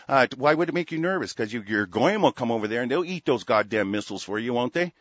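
A man's voice: mid-range voice, animated, quick pace, hardly any pauses, a bit bright, no echo. A man hosting a radio show, delivering an angry, profane political rant full of stammered restarts. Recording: dull lo-fi dry recording.

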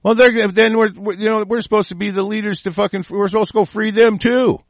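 A man's voice: sits high, fairly even intonation, brisk, dry recording. A man hosting a radio show, delivering an angry, profane political rant full of cursing. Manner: profane, shouting, heavy cursing.

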